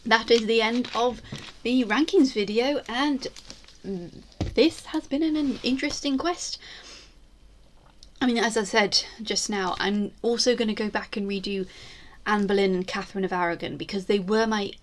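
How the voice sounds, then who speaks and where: A woman with a mid-pitched voice talks casually to her viewers. She rambles, restarts and pokes fun at herself along the way. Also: moderate pace, slight background noise. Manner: rambling, self-deprecating asides. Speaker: YouTuber ranking screen portrayals. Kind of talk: casual chat to camera.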